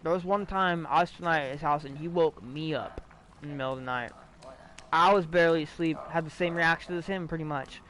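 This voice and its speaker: A man's voice: fairly high pitch, fairly quick, fairly bright tone, slight background noise, rough recording. A young man streaming, telling a ghost story to his chat in a rambling, profane way, full of restarts and fillers. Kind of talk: casual livestream storytelling.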